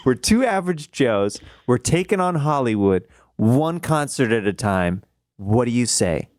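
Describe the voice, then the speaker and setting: A man playing an earnest wannabe performer who pitches himself in a salesy, upbeat way. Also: sing-song, a little slow, no room sound, clean studio sound. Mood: pitching.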